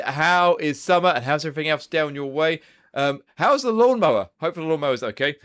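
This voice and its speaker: A man's voice: fairly high pitch, a bit bright. Chatty man streaming live. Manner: chatty, rambling, swears casually. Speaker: livestream host. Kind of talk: casual live-stream chat.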